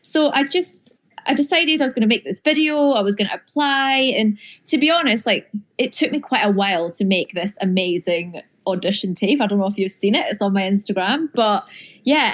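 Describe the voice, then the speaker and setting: A woman's voice: on the high side, animated, brisk. A woman in her thirties, a guest on a podcast, chatting in a bubbly way and laughing often. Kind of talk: casual interview chat.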